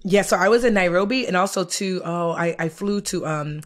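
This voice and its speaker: A woman co-hosting a podcast in a studio, telling a story in an animated, chatty way. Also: lowish voice, a little fast. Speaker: podcast co-host. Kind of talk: casual chat.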